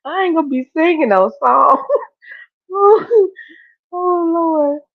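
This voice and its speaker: A woman vlogger chatting casually as she reacts to clips, expressive and quick to laugh. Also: very high-pitched, vocal fry, no echo. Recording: tinny, phone-like dry sound.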